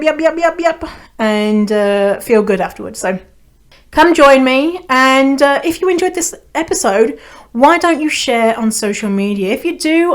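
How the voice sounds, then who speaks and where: A woman's voice: fairly high pitch, smooth. Chatty, swearing podcast host woman. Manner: chatty, blunt and swears freely, with laughs. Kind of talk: casual solo podcast chat.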